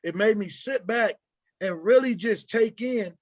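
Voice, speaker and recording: A man with a high voice tells an animated, self-mocking story in an interview. The sound is dry and a little dull, as if heard through a muffled mic. He keeps his listeners in on the joke. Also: measured pace, no echo. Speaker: creator of the film, youth football coach.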